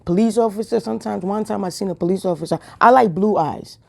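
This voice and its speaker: A woman's voice: medium pitch, fast, creaky, warm tone. A woman giving a casual spiritual talk to camera, telling chatty stories with laughs and whispered asides. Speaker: spiritual vlogger.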